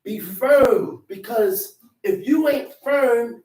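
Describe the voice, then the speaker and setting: Woman preacher, higher voice, heard from a distance in an echoey room, emphatic and repetitive. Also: very slow, mellow. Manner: emphatic call-and-response preaching, repeating lines. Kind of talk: sermon.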